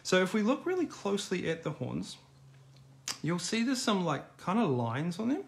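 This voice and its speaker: A man's voice: high voice, big pitch swings, moderate pace, creaky. A middle-aged man teaching a live online drawing class in a casual, encouraging, chatty way. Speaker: art teacher.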